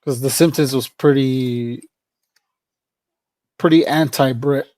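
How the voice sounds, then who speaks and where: A man's voice: medium pitch, fairly even intonation, slow pace, darkish tone, no room sound. A man hosting a casual livestream chat, rambling and often restarting his sentences. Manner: rambling, with frequent restarts and fillers. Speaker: livestream host.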